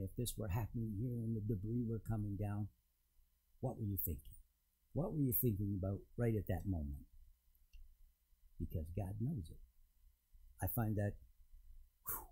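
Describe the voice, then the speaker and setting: A man preaching a sermon to a congregation, retelling a scripture story in a conversational, storytelling way with emphatic pauses. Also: lowish voice, warm tone, husky, low-quality recording. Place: church in front of a congregation.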